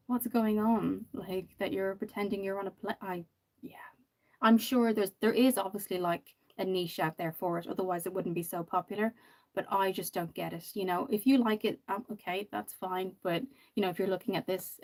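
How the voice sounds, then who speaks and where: A woman hosting a makeup livestream, chatting casually and rambling with many ums while reading viewer comments. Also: mid-range voice. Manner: chatty, rambling, lots of ums and "you know".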